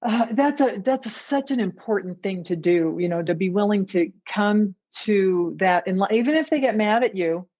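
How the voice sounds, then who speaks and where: A woman's voice: mid-range voice, expressive, moderate pace, few pauses, a little mellow. A woman hosting a podcast who reflects thoughtfully and laughs often. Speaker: podcast host. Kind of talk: conversational interview. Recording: dull lo-fi sound.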